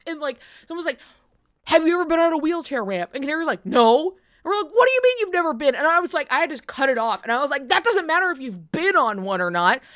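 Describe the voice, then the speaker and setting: Woman streamer, high voice, casual storyteller, swears and laughs a lot. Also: fairly bright tone. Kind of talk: casual chat.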